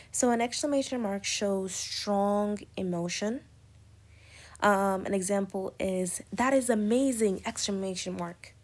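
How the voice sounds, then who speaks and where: A woman's voice: medium pitch, darkish tone. A woman teaching an English lesson, explaining punctuation step by step with many spoken examples and fillers. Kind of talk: recorded lecture on punctuation.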